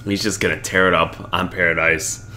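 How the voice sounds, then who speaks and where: Young male podcast co-host, low-set voice with a bright edge, jokey and loose with fillers. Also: flat delivery, moderate pace. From Chicago. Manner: joking, laughs often, trails off with fillers. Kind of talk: casual recap chat.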